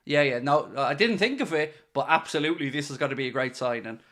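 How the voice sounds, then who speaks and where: Irish male fan-channel host, casual solo commentary, wry and sarcastic, voice sits a touch high. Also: animated, fast, fairly bright tone. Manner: playful, sarcastic, mock-serious pitching.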